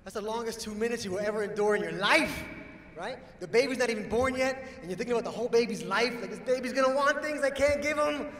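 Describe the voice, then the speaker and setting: A man doing a stand-up set in a punchy style that bursts into shouts on the big lines. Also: very high-pitched, fast. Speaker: stand-up comedian. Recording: echoey hall from far off.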